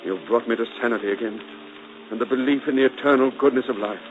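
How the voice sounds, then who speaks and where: A brooding, passionate gentleman, played by an actor in a 1940s radio drama, speaking in an ardent, intense voice that sometimes drops to a hushed plea. The voice comes through a muffled old broadcast with steady hiss. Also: medium pitch, quick pace, close to an everyday voice. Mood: tender. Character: brooding gentleman employer Rochester, passionate and tormented.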